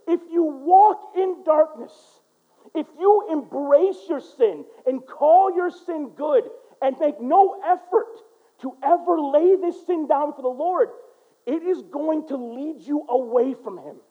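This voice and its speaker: American male pastor, very high voice, earnest sermon delivery swinging loud to hushed, muffled recording. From United States. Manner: earnest, swings from loud and urgent to quiet and low; mimics people in quoted asides. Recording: dull lo-fi recording.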